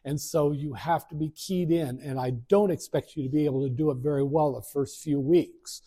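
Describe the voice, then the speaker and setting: A middle-aged man lecturing in a classroom, frank and rambling, circling back with fillers and restarts. His voice sits a little high for a man, with a dark, mellow tone. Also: steady tone, normal speed, husky. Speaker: college finance instructor. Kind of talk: first-day classroom lecture.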